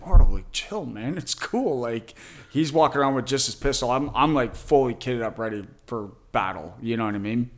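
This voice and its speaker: A middle-aged man, an army sergeant, guesting on a casual podcast and retelling stories in quoted voices. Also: mid-range voice. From Canada. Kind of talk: casual chat.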